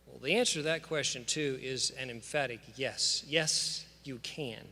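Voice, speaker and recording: A man's voice: fairly high pitch, animated, moderate pace, bright, forceful tone. Earnest man in a reverberant church. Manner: earnest, emphatic, preacherly cadence. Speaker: school official addressing graduates. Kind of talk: commencement address with scripture. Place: large church sanctuary. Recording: long church-hall reverb.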